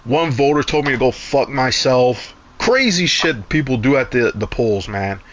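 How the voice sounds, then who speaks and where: Young guy streaming, casual chat, swears a lot, rambles and restarts, middle pitch. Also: moderate pace, fairly bright tone. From Canada. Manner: rambling, profane storytelling with many restarts. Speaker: gaming streamer. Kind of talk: casual chat while gaming.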